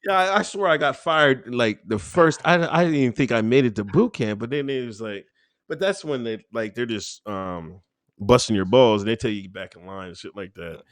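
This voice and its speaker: A man's voice: lively intonation, normal speed, no room sound. Laid-back man telling stories, dry sound. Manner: laid-back, laughs often, acts out quotes with big pitch jumps. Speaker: interview guest, Air Force veteran. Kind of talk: casual conversational storytelling.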